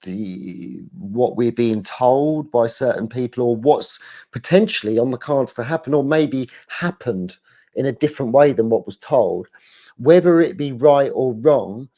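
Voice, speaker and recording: A male guest chats casually, rambling with animation and frequently laughing between thoughts. His voice is an ordinary middle pitch for a man, and he speaks a little slowly.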